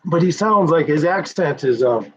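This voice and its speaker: A man's voice: on the high side, lively intonation, moderate pace. A man hosting a casual livestream, rambling and cursing freely, often trailing off with fillers. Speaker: livestream host. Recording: dull lo-fi sound.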